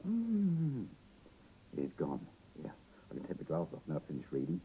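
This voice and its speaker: Deep gravelly Australian man reading to kids. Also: fast talker, a little hiss or hum, poor audio. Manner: animated, playful storytelling with gasps and exclamations. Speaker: children's TV presenter. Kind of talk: reading a picture book to young children.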